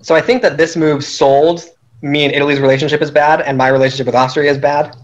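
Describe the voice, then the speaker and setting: A man's voice: a little high, little pitch movement, quick pace, lo-fi sound. A man casually recapping a strategy game he played, telling it animatedly and laughing at his own schemes.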